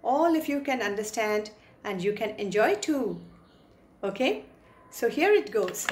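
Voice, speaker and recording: A woman teaching an English poetry lesson in an Indian English accent. Her voice sits a little high, and she talks slowly and deliberately, pausing to explain words and to act out little quotes. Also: big pitch swings, darkish tone, a little hiss or hum.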